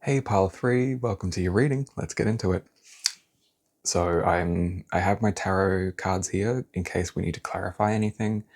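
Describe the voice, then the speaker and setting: A man doing a pick-a-card tarot reading, talking in a blunt, animated, casual way and swearing now and then. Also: low voice, normal speed.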